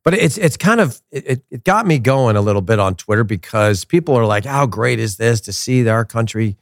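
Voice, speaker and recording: A man hosting a casual soccer commentary show, opinionated and animated, repeating his points for emphasis. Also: mid-range voice, a little fast, no room sound, clean studio sound. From United States.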